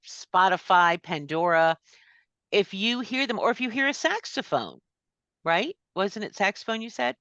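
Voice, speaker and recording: A woman's voice: low-pitched, dry recording, lo-fi sound. Chatty woman speaker, dry close sound. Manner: chatty, warm asides, frequent fillers. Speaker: speaker at a summit. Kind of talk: casual talk on a video call.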